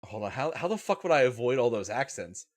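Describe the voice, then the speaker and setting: Male streamer, sleepy and worn out, casual banter full of swearing and laughter, animated intonation, mid pitch. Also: fast. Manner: swears often, laughs a lot. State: sleepy, tired. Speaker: livestream host. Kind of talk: casual livestream chat.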